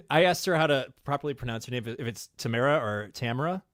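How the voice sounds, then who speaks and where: A man co-hosting a podcast in casual live-stream chat, halting, thankful and quick to laugh, with a tired throat. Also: mid-range voice, animated, a bit bright, no room sound, clean studio sound. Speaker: podcast co-host.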